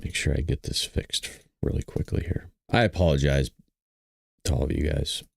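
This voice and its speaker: Brief: low-pitched male streamer, tearful and shaken, dry close sound, broken halting delivery. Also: steady tone, gravelly, breathy edge, no room sound. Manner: halting, trailing off and restarting. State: tearful, choked up. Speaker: livestream host. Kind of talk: emotional live stream talk.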